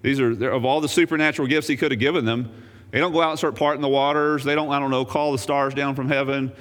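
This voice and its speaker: A male pastor delivers a lively sermon in a mid-pitched voice, jumping from loud raised points to quiet murmured asides. He throws in wry jokes along the way. His voice rings out with a long reverb through a church sanctuary. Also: fast. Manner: animated preaching, swinging from loud raised emphasis to quiet low asides.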